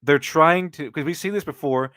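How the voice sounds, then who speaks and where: A man's voice: on the high side, moderate pace, fairly bright tone, no echo, studio quality. A man hosting a casual live stream, rambling with many restarts and mocking critics sarcastically.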